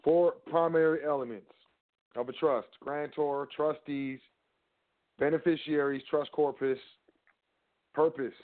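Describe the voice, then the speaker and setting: Speaking at a measured pace with frequent pauses, this man has a slightly high, steady voice. He's a trust law educator delivering a loose, casual lecture, asking himself rhetorical questions and talking straight to the listener, heard through phone-like narrow audio.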